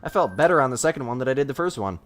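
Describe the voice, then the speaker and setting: A man's voice: mid-range voice, lively intonation, very fast, fairly bright tone. A man streaming a hunting game live, chatting casually and scolding his dog between shots.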